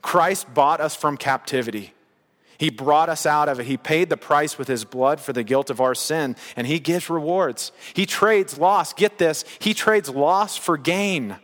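A man's voice: on the high side, measured pace, a bit bright, big-room sound. A man preaching a sermon in a casual, conversational way, with bursts of emphasis. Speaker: pastor.

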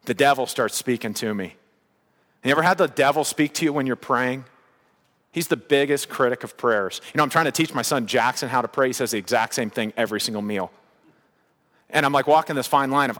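A man's voice: medium pitch, fast talker, fairly bright tone, long reverb tail. A male pastor preaching a sermon with an emphatic, repetitive cadence.

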